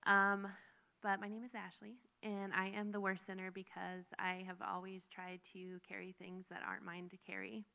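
A woman in her twenties giving a personal testimony, soft-spoken and nervous. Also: medium pitch, monotone, moderate pace, creaky. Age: 20s.

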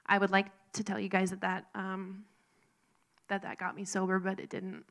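Gravelly woman giving a heartfelt testimony. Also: mid-range voice, monotone, a bit bright. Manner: earnest, halting and emotional storytelling. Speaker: speaker sharing a recovery testimony. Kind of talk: personal faith testimony.

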